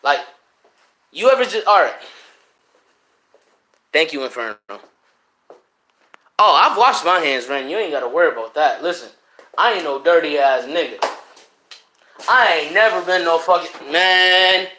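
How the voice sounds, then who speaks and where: A young man from Connecticut ranting profanely to his live chat in a loose, animated way, jumping between loud outbursts and low mutters. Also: unhurried, pauses often, echoey room. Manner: profane, animated, swings between shouting and mumbling. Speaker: livestreamer. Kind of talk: unfiltered casual rant to live chat. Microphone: streaming mic.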